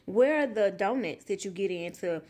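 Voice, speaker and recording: Woman, casual storyteller, animated, acts out each quoted line. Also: medium pitch, moderate pace. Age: adult. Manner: animated, emotional retelling with quoted dialogue. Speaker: vlogger, mother.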